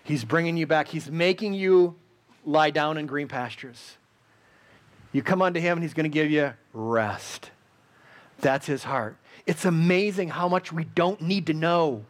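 A man preaching in a fairly high voice, with the earnest, repeating rhythm of the pulpit. He pauses between short phrases and leads into a heartfelt prayer. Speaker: pastor. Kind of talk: sermon with closing prayer.

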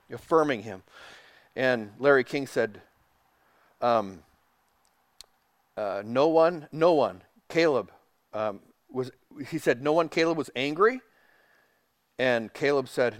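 A man preaching a sermon, reading quotes aloud and dropping to a soft hush for tender passages. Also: medium pitch, no room sound. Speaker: pastor.

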